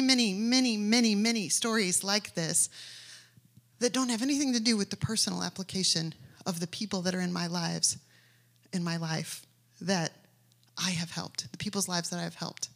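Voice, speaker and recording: A woman preaching to her congregation, her voice sitting a little high. She tells stories with animated energy and builds to emphatic, declaring lines. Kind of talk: sermon.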